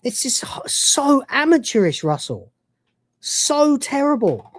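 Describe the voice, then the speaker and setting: A man's voice: very high-pitched, sing-song, slow. A man hosting a live review stream, ranting and swearing in exasperation. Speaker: host.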